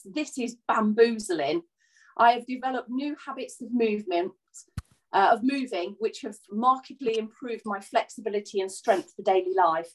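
A woman's voice: a little high, poor audio. A woman co-hosting an online exercise class, reading out a thank-you message on a video call with some hesitant fillers.

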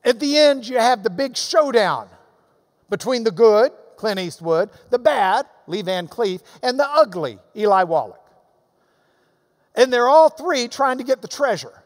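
A man teaching a Bible class, answering questions in an emphatic, animated lecture that swings between loud and soft. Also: very high-pitched, measured pace, long reverb tail.

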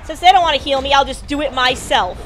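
A woman's voice: high-pitched, quick pace, a bit bright, a little hiss or hum. A woman giving casual, jokey commentary while streaming a video game, talking to the characters on screen. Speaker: gameplay streamer.

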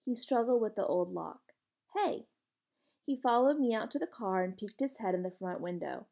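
A woman reading a novel aloud in steady first-person narration, with casual asides to her listeners. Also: mid-range voice, brisk, vocal fry. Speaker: reader.

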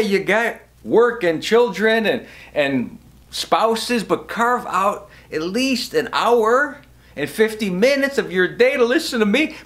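Talking about his podcast into a camera pointed at him, he uses a voice that sits high with a fairly bright tone. The casual vlog turns emotional and imploring, his volume rising from time to time.

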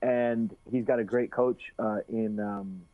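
A man's voice: fairly low pitch, fairly even intonation, slow pace, no echo. A man being interviewed as a fighter, talking in a rambling, casual way with many restarts and easy swearing. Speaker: guest fighter. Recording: tinny phone-like dry sound.

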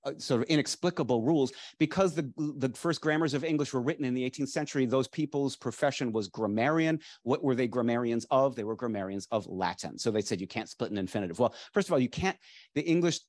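With restless, enthusiastic energy, a middle-aged lecturer who edits dictionaries addresses a live audience in a library lecture space, wandering off topic, restarting often and dropping fillers. He talks fast in a mid-range, slightly mellow voice that stays in an everyday middle register. Little room reverberation comes through, so the audio feels close and dry.

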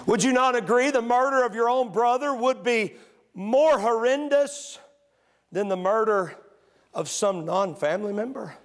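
Male pastor, high pitch, preaching sermon that swings from quiet teaching to shouting. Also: a little slow. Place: church sanctuary.

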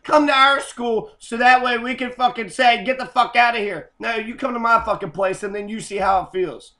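A man's voice: very high-pitched, fairly even intonation, moderate pace, sharp tone. A man in an angry, profane rant, cursing and repeating himself. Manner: heated, cursing, repetitive. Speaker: host.

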